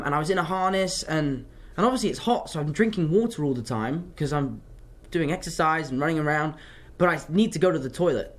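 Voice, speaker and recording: A young man chats through fan questions in a loose, rambling way, drifting off topic as he tells stories. His voice sits a little higher than most men's. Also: a bit bright. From London, England. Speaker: actor answering fan questions. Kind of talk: casual livestream Q&A.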